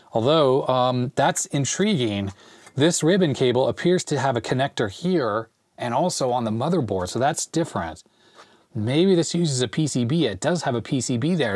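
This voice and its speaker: A man hosting a retro computer repair video, thinking aloud in a relaxed way while he takes a machine apart. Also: medium pitch. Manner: thinks aloud while working, relaxed, with small fillers and laughs. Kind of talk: casual hands-on show-and-tell.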